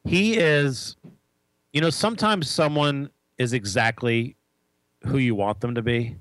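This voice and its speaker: A man's voice: medium pitch, measured pace, a bit bright, dry recording. A man chatting casually as a co-host, teasing and making wry remarks. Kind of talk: casual chat.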